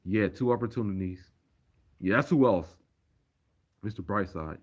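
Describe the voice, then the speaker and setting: A man's voice: on the low side, moderate pace. A man chatting casually on a livestream and reading viewer comments aloud. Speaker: streamer.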